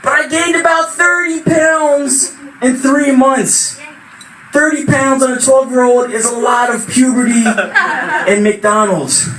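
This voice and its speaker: Brief: young male stand-up comic, high voice, recorded from across an echoey noisy room. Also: slow pace, far from the mic. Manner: animated storytelling, bursts into shouted voices. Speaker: stand-up comedian. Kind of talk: open mic stand-up routine. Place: small venue at open mic night.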